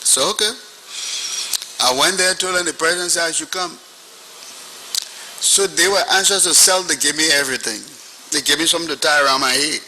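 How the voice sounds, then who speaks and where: A man in his seventies with a Liberian accent, giving testimony to a commission as a lively storyteller who acts out what people said. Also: a little high, fairly quick, long pauses, slight background noise, low-quality recording. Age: 70s. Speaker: commission witness.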